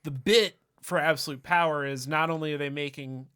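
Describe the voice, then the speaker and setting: A man co-hosting a comics podcast, chiming in with quick agreement and hesitant restarts. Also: a little high, steady tone, a bit bright, clear, resonant tone. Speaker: podcast co-host. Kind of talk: casual chat.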